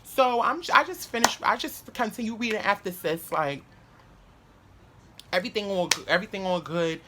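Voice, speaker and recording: A man's voice: sits high, moderate pace. A man chats to the camera in a loose vlog story. He swears freely and keeps restarting his sentences. His speech is full of "like" fillers, with a faint hiss in the background. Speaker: vlogger.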